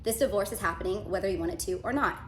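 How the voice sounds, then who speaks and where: A woman's voice: mid-range voice, racing, roomy sound, a little hiss or hum. A woman casually telling a dramatic personal story, acting out the texts and lines she quotes.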